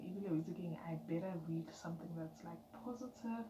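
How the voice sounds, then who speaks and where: A woman giving an emphatic, chatty motivational vlog talk, dropping now and then into soft whispered asides. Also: on the low side, fast. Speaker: vlogger. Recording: echoey room with background noise.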